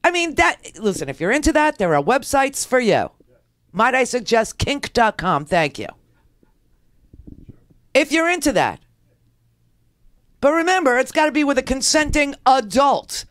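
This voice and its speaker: A woman's voice: high-pitched, sing-song, measured pace, long pauses, fairly bright tone, no room sound. Indignant woman radio host. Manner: indignant, sarcastic. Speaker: radio talk show host. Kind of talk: political commentary.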